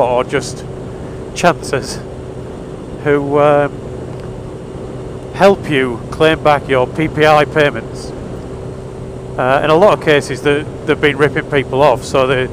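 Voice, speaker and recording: Wry man over road noise. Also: fairly high pitch. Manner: wry, chatty and exasperated. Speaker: motorcycle vlogger. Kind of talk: casual storytelling monologue. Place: outdoors on a motorcycle.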